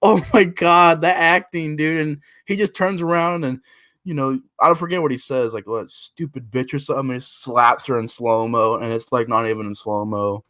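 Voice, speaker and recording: A man co-hosting a casual movie chat, animated, acting out scenes and laughing at bad dialogue. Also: moderate pace, clean tone, dry recording, studio quality. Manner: animated, acts out scenes in jumpy higher voices.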